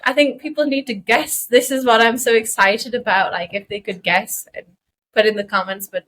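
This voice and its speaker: A woman from Newcastle with a softened Geordie accent, co-hosting a casual podcast and explaining things in a measured, thoughtful way. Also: on the high side, fairly even intonation, rough recording. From Newcastle upon Tyne, England. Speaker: podcast co-host. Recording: recorded remotely, sound slightly off.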